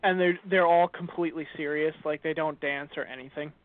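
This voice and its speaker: A man's voice: a little high, steady tone, a little fast, dry recording. A man co-hosting a podcast, mostly answering with short agreeing replies and chatting casually. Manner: brief agreeing replies, laughs along. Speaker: podcast co-host. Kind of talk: casual chat. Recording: dry, phone-like narrow sound.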